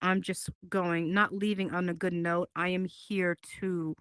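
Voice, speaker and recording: Halting, earnest woman with a low voice. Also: level tone, smooth, no room sound. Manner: halting, repeats words, earnest. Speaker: talk show guest. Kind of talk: emotional personal statement.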